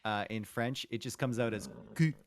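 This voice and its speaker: A man's voice: mid-range voice, normal speed, a little hiss or hum. A man in his twenties from Canada, co-casting a game with dry, teasing humor. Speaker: co-caster. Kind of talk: casual game commentary with banter.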